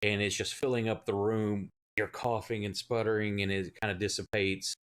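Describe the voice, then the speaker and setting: A man's voice: fairly low pitch, flat delivery, normal speed, a bit bright, smooth. A man narrating as game master, telling the scene loosely with plenty of swearing and fillers. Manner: loose, profane storytelling with fillers.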